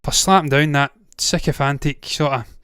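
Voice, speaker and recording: A Glaswegian-accented man from Scotland hosts a movie news show, ranting casually with blunt swearing and frequent digressions in opinionated commentary. His voice is a little high and fairly even, moderately paced, a bit bright, clear and resonant. The recording is dry with clean studio sound.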